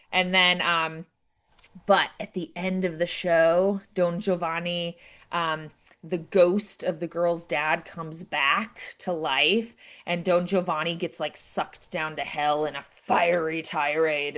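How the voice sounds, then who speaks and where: A woman's voice: sits low, fairly bright tone. A young woman voice teacher chatting through an opera scene with many fillers, acting out the characters' lines with a raised voice. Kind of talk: explaining an opera scene to a student.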